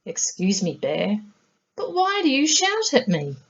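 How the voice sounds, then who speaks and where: A woman voicing a shy, polite male moose in a storybook, speaking softly and pleading. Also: mid-range voice, wildly swooping pitch, measured pace, breathy edge, dull audio, exaggerated voice. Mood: timid polite.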